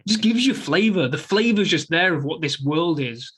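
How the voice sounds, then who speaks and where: An animated man chatting on a podcast about a film he loves, swearing freely and leaping into quotes. His voice sits a little higher than most men's. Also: moderate pace, breathy edge. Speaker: podcast co-host. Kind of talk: casual film review chat.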